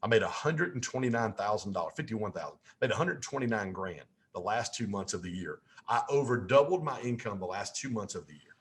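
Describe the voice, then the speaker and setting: Lively storytelling man, folksy. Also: fairly low pitch, fairly quick, few pauses. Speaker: podcast guest. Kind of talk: storytelling in a podcast interview.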